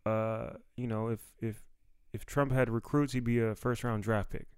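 A man's voice: medium pitch, fairly even intonation, moderate pace, a little mellow, clear, resonant tone, no room sound. A young adult man from the Washington, D.C. area, a comedian telling a story in a casual monologue, laid-back and profane. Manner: laid-back, profane, acts out quoted dialogue.

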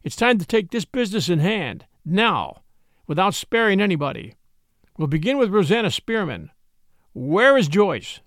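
A man voicing a shrewd, calm middle-aged police sergeant in an audiobook, measured and quietly insistent. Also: high voice, no echo, studio quality, heavily acted. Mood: firm.

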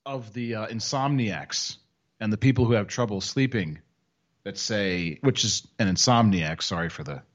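A man's voice: lowish voice, normal speed. A man co-hosting a casual sports podcast, wry and joking, often slipping into mock voices. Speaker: podcast co-host.

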